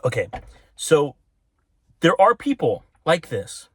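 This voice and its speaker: A man's voice: a little high, huge pitch swings, takes it slowly, fairly bright tone, no echo, clean studio sound. A man giving a casual spiritual talk to his viewers, rambling and breaking off into tangents, often with little laughs. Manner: rambling, self-interrupting, laughs at own tangents. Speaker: religious video maker.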